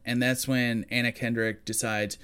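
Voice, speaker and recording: A man's voice: mid-range voice, moderate pace, clean tone. A man co-hosting a podcast, casually recapping a film plot and acting out quoted lines. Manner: animated retelling, acts out quoted lines. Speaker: podcast co-host. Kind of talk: casual movie recap chat.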